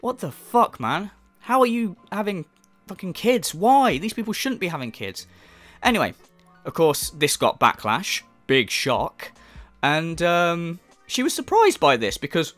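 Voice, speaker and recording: A man's voice: a little high, sing-song, unhurried, fairly bright tone, no room sound, soft background music. A man ranting in commentary, exasperated and profane, incredulous at what he describes. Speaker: commentary video host.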